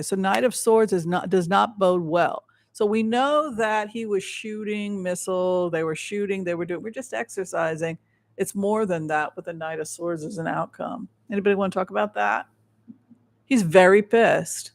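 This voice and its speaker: Psychic show host, male, high gravelly voice, rambling and emphatic, dry close sound. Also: moderate pace, no room sound. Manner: rambling with frequent restarts, emphatic. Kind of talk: livestream tarot and remote-viewing commentary.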